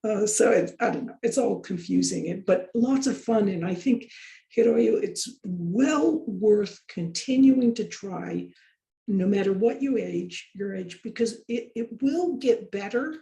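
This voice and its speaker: A woman's voice: mid-range voice, animated, measured pace, vocal fry, warm tone. A woman teaching a course, chatting casually on a video call in a rambling way with lots of fillers. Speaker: course instructor. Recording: roomy echo.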